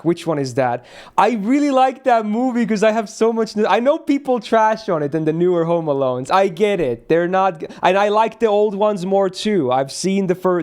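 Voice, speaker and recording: Young man, streamer, rambling casual chat, swears often, fairly high voice. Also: darkish tone.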